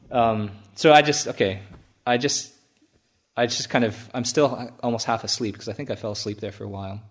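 A man who is a Buddhist monk, telling a story in a halting, chuckling way with many restarts. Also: fairly low pitch. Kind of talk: storytelling talk.

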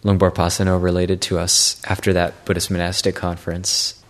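A male Buddhist monk giving a Dharma talk in a halting way, often repeating words and pausing with fillers. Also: sits low, completely flat delivery.

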